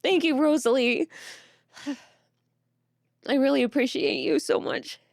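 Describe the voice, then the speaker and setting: A young woman streamer chatting casually with her viewers, teary and close to crying, talking softly with nervous laughs. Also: sits high, unhurried, gravelly, no room sound. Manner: soft, thankful, breaking into nervous laughs. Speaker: streamer reading chat. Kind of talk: casual live-stream chat.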